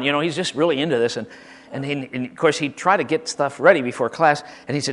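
A Michigan man tells comic anecdotes about his old school teachers, talking fast in a slightly high voice. His casual storytelling is animated, full of acted-out quotes and frequent restarts.

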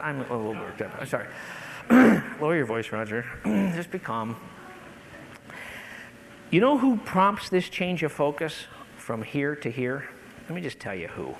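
A man preaching a sermon, building to impassioned peaks and then dropping low and soft. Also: big pitch swings, normal speed, vocal fry, long pauses, a little hiss or hum, rough recording. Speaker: pastor.

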